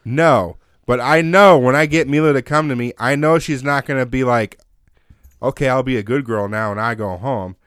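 A man telling a long story in casual chat, animated and swearing constantly. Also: mid-range voice, moderate pace, clear, resonant tone, dry recording, clean studio sound.

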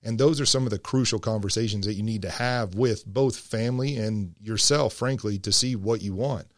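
A man with a fairly low voice explains business planning in a measured, steady way. The sound is dry and close to the mic. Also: no echo. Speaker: financial advisor. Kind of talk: scripted radio segment.

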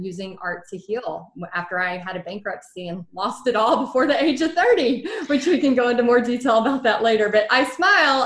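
A woman guest on a podcast, cheerful and animated as she tells stories with frequent fillers. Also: mid-range voice. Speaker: guest, small business owner. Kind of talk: conversational interview. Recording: roomy echo.

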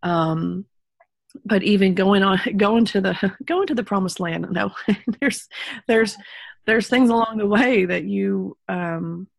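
A Texan woman, a guest in a casual interview, tells her personal story slowly in a medium-pitched voice with vocal fry. The studio-quality recording has no room sound, and she rambles with many ums and restarts while speaking sincerely about her faith.

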